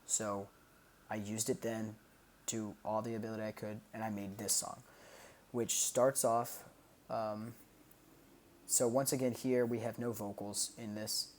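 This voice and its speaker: A man's voice: on the low side, flat delivery, a little slow, pauses often, slight background noise. A man streaming a casual breakdown of his own songs, explaining loosely with lots of fillers and sung sound effects. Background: loud music playing from the track.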